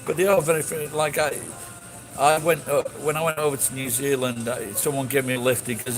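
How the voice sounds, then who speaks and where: A man's voice: medium pitch, little pitch movement, a little fast, rough recording. A man chatting casually with his audience, blunt and sweary, rambling through restarts. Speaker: streamer answering chat. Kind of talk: casual chat. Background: music.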